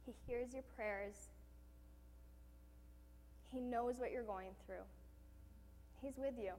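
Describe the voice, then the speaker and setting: Woman preacher, earnest, somewhat high voice, church hall reverb. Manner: earnest, repetitive, addresses God directly. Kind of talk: sermon and closing prayer.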